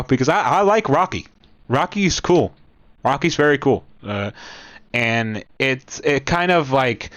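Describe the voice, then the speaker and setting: Slow, smooth-voiced young man rambling. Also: mid-range voice, a bit bright, no room sound. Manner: rambling, lots of restarts and "you know what I mean". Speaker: movie reviewer. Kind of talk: casual movie recap.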